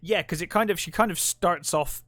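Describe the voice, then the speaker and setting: A man chats casually as a film podcast co-host, recorded close and dry with no room sound. He retells the plot in a lively way and slips into the characters' voices as he goes. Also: high voice, normal speed, no room sound. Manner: animated retelling of scenes, acting out characters' lines.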